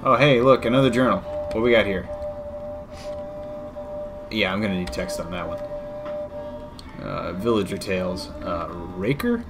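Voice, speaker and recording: A man's voice: on the low side, moderate pace, pauses often, over music. A man giving casual gameplay commentary with joking, sarcastic asides. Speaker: video game let's-player.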